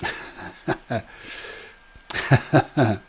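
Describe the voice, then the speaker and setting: A man's voice: drawn-out words, slight background noise. Chatty man hosting a live stream. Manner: chatty, jokey, laughing often, greeting viewers by name. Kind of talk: casual live-stream chat with viewers.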